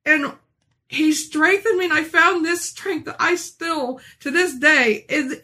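A woman in her forties giving an emotional religious testimony, earnest and halting, often restarting her sentences. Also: sits high, bright, forceful tone. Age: 40s. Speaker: speaker sharing a personal testimony.

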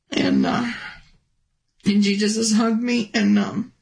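A woman telling a personal testimony in a halting, restart-filled way, her voice rising high and emotional when she recalls pleading. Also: little pitch movement, gravelly, darkish tone, poor audio. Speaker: guest telling a near-death testimony. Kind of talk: personal testimony, casual storytelling.

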